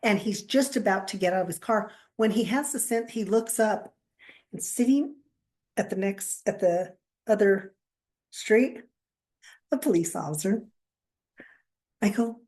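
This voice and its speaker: A woman co-hosting a podcast, chatting casually and telling animated stories, acting out the people she quotes and laughing often. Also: medium pitch, unhurried, long pauses. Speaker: podcast co-host, counselor. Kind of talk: casual chat, storytelling.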